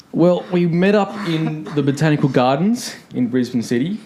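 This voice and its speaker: An Australian man with an Australian accent, a guest joking and teasing in a relaxed podcast chat. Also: fairly high pitch, normal speed. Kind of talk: casual chat.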